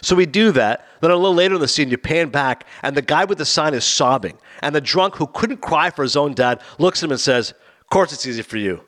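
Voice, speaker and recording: A man's voice: fairly high pitch, a little fast. A man co-hosting a casual podcast, retelling anecdotes and briefly acting out the people in them. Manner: animated storyteller, acts out quoted people. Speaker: podcast co-host.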